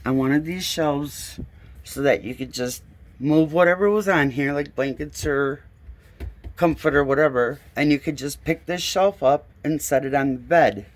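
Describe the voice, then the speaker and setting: A woman's voice: low-pitched, a little slow. A woman filming a walkthrough of a home closet on her phone, pointing things out in an exasperated voice and swearing now and then. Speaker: homeowner filming a complaint video. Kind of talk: casual walkthrough narration. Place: indoors, small closet in a home.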